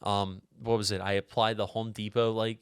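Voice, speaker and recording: A young man in casual, profane podcast chat who rambles and slips into loud impressions of friends. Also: fairly low pitch, flat delivery, normal speed, heavy background noise. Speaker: podcast co-host.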